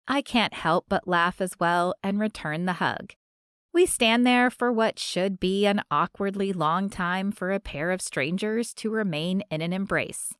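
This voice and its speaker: A woman narrating a first-person romance audiobook in a measured, expressive way on a close studio mic. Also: medium pitch, smooth, no echo.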